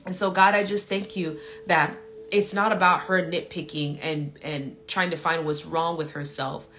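Low-voiced woman praying earnestly. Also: steady tone, normal speed, a bit bright, a little hiss or hum. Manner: earnest, repeated appeals and declarations, loose with fillers. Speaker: minister leading a live prayer stream. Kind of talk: spontaneous spoken prayer and chat with viewers.

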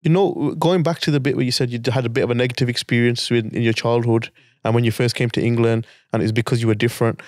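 A man hosting a podcast, asking his guest questions in a relaxed, joking way. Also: medium pitch, fast, no room sound, clean studio sound. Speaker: podcast host, boxing coach. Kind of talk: interview questions.

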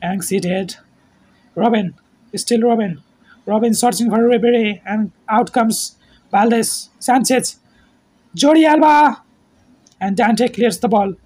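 This football commentator's high, slightly rough voice moves slowly through the play-by-play, tersely naming players as the ball travels. He breaks into shouts when goals are scored.

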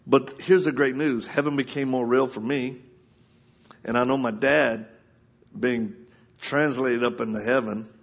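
A man's voice: mid-range voice, measured pace, vocal fry, long pauses. A man preaching a live sermon, telling personal stories with laughs, then urging the crowd directly. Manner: lively storyteller who laughs often and acts out quotes.

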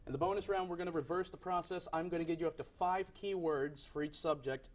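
High-voiced young male game show host. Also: fast talker. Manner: upbeat patter, often corrects himself. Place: TV studio.

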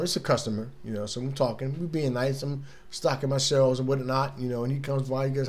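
A man's voice: mid-range voice, fairly even intonation, a little fast, a little mellow. A man hosting a casual radio talk monologue, laid-back and chatty, often laughing and acting out little scenes from his day. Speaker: radio show host.

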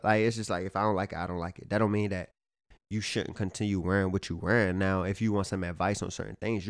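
A man's voice: lowish voice, no echo, clean studio sound. Laid-back, profane young-sounding man vlogging. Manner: laid-back, profane slang-heavy street talk; filler-heavy, repeats "you know what I'm saying". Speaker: fashion vlogger. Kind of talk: casual talk to camera.

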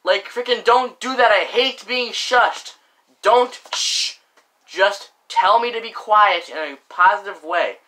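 A man's voice: sits high, a little slow, hardly any pauses, bright, forceful tone, rough recording. A young man ranting to camera in a casual, indignant monologue, full of fillers and mild swearing. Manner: indignant, repeats "frickin'" and "like" often, lots of filler. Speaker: vlogger.

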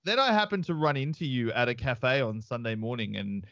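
A man's voice: mid-range voice, expressive, fairly quick, pushed and bright, a little hiss or hum. A man, a streamer, telling joking stories in a casual podcast chat. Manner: joking storyteller. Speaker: co-host and streamer. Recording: dry, dull lo-fi stream audio.

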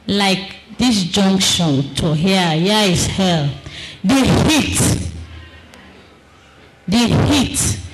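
A woman delivers a fervent religious testimony at an unhurried, drawn-out pace. She repeats phrases for emphasis and bursts into shouts. A faint hiss runs underneath. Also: medium pitch, low-quality recording. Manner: non-standard English grammar. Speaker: preacher giving testimony.

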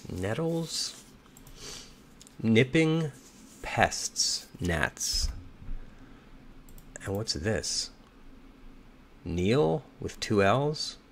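A slightly hoarse man thinking aloud as he solves a crossword, reading clues and muttering and second-guessing his answers. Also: lowish voice, a little hiss or hum. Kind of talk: thinking aloud while solving.

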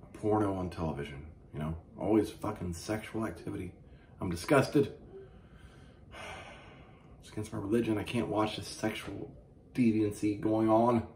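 A man hosting a comedy show, ranting crudely and profanely with mock outrage and animated storytelling. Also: lowish voice, normal speed, long pauses, a little hiss or hum. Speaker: comedy podcast host. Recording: echoey room.

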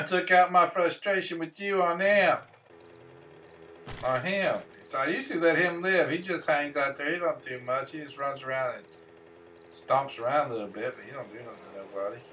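A man's voice: on the high side, moderate pace, pushed and bright, recorded from a distance, a little hiss or hum. A man giving casual gameplay commentary, grumbling and swearing to himself as he plays. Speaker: gameplay streamer.

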